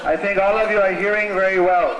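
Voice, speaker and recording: A man loudly addressing a devotional audience, in an echoey hall with a crowd. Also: sits high, fairly even intonation, fast, highs cut off, background noise. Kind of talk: devotional talk.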